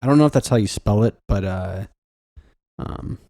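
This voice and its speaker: A man hosting a casual podcast in an easygoing way, with fillers and frequent laughter. His voice sits on the low side, with a warm, mellow tone. The recording is close and dry. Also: moderate pace, dry recording. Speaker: podcast host. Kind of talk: casual chat.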